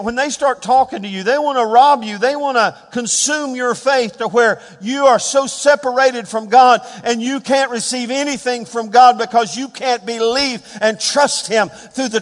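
A man preaching a sermon as a pastor, swinging between hushed, quiet passages and louder emphatic ones. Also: very high voice, big-room sound. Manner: dynamic preaching, dropping to hushed tones and rising for emphasis.

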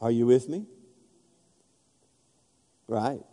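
A man's voice: medium pitch, extremely slow, dark tone. A man preaching a sermon as pastor, emphatic and calling out to the congregation. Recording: long hall reverb.

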